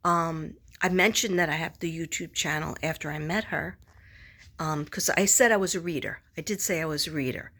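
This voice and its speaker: A woman's voice: deep voice, fairly even intonation, normal speed, a bit bright. A woman vlogger and psychic reader chatting casually to the camera, rambling with many restarts and asides, sometimes dropping to a near whisper.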